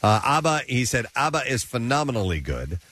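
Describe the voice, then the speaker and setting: A man's voice: mid-range voice, very animated, brisk, pushed and bright. A man with a sore throat and the sniffles, hosting a morning radio show and reading entertainment news with asides.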